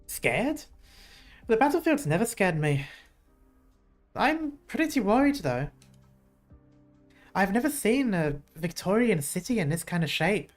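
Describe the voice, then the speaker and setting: A woman voicing a brash young female soldier in a game, with a loose put-on Scottish-style accent and a gruff, plainspoken manner. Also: mid-range voice, very animated, unhurried, long pauses, soft background music, voice pushed up. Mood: steady. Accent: loose put-on Scottish mix. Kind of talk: reading game dialogue aloud.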